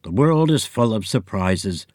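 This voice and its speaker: A man's voice: on the low side, expressive, measured pace, a little mellow, dry recording, clean studio sound. A man voicing a snarling, smug male villain pig in a storybook reading.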